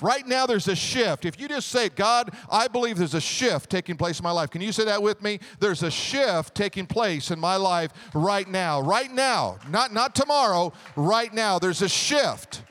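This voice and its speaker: A man preaching a sermon as pastor, animated, with a joke and call-and-response. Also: high-pitched, unhurried.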